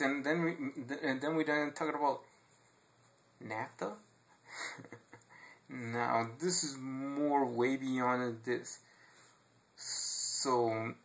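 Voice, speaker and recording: A man telling his own jokes in a rambling, halting way, often repeating words and restarting. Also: mid-range voice, vocal fry, a bit bright. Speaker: amateur joke teller. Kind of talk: rambling self-made joke telling.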